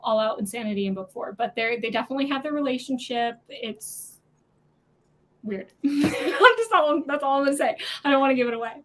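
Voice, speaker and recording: A woman hosting a casual online book club chat, gushing and animated about a series. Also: on the high side. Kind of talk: casual group video chat.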